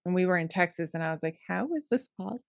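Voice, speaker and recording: A woman co-hosting a podcast in casual chat, who laughs often and is quick to agree. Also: lowish voice, big pitch swings, creaky, darkish tone, dry recording, studio quality. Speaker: podcast co-host.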